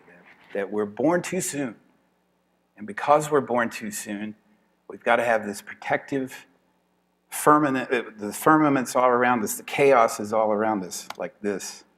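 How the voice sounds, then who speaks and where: A man's voice: fairly low pitch, fairly bright tone. A man giving an informal evening lecture to a class. He talks in a chatty way, laughs often and thinks aloud with restarts.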